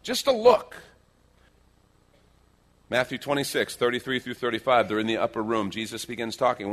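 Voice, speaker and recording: Guy pastor preaching, super animated, jumps way up high when he acts out the quotes. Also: fairly quick. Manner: animated storytelling, acts out quotes with big pitch swings. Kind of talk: sermon.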